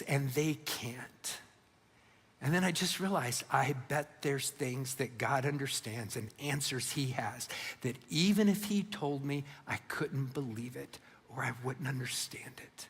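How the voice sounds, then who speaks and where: A man's voice: a little high, fairly bright tone. A middle-aged man preaching a sermon, telling a personal story in an earnest way that swells with feeling. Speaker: pastor. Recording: long hall reverb.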